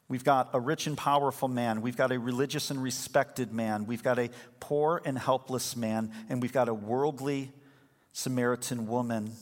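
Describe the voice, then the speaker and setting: A male pastor preaches in a church sanctuary, and long reverb trails every word. He tells the story with lively energy and acts out the voices of the people in it. His pitch sits in the middle for a man. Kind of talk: sermon.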